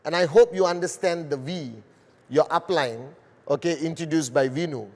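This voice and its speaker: A middle-aged man from Malaysia giving a live broadcast business presentation, speaking slowly and deliberately to a worldwide audience. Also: a little high, big-room sound. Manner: slow, deliberate, addressing a global audience.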